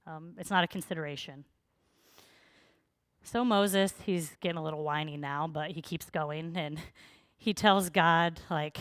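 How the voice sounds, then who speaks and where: A woman pastor preaches in a relaxed, conversational way, full of fillers. Her voice sits slightly low and comes through smooth and clean. The sound is dry and close, with no room echo. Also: normal speed. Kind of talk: sermon.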